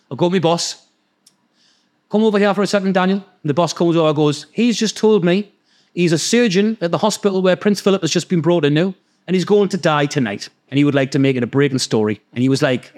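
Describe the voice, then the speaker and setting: Animated Geordie man telling a story. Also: fairly high pitch. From North East England. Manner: animated, acts out voices, swears freely. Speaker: podcast guest storyteller. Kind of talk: casual storytelling.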